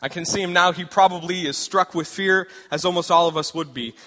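A man's voice: high-pitched, steady tone, fairly quick, bright, forceful tone. A young man preaching a sermon in a conversational, storytelling way, full of rhetorical questions, in a large church hall. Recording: echoey hall.

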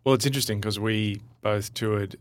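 A man's voice: fairly low pitch, fairly even intonation, normal speed, no echo. A man with an Australian accent, a church leader speaking as a podcast guest in an easygoing way. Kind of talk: conversational interview.

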